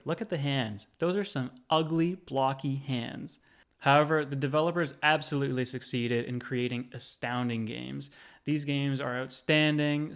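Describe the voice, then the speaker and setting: A man's voice: mid-range voice, gravelly. A man in his thirties, a gaming channel host, narrating a scripted video essay in a conversational, lightly wry way.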